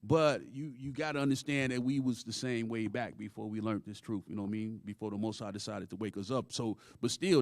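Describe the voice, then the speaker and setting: A man's voice: medium pitch, a little mellow, no room sound, clean studio sound. A man co-hosting a casual group discussion, rambling and laughing as he talks, with a Southern US accent. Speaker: co-host.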